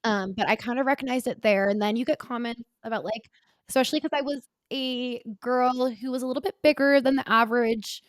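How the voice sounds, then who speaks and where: A woman in her twenties, a podcast co-host, talking candidly about her past in a halting, earnest way with many filler words. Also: fairly high pitch, fairly even intonation, clean tone, dry recording. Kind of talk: candid personal conversation.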